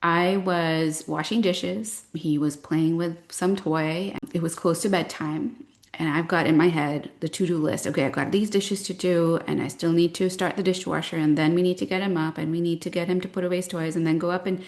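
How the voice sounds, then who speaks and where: A woman in her thirties, a parent coach, talking to a parent group in a reflective, gently explanatory way and telling personal stories. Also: fairly low pitch, steady tone, normal speed.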